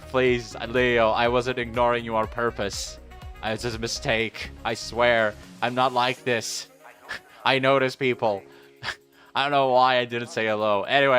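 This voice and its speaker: A man on a casual chat stream with a bright, forceful voice, telling a meandering story full of restarts and quick asides to viewers. Soft music plays faintly underneath. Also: mid-range voice. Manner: rambling, self-correcting, apologetic asides to chat. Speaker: VTuber streamer.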